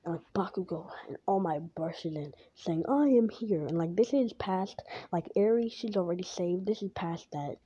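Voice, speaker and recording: A woman rambles through a made-up story, filling it with "like" and starting over mid-sentence. Her voice is fairly low and mellow. The recording is dull and lo-fi, with a faint hiss behind her. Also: normal speed, few pauses, husky. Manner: rambling, full of "like" and restarts.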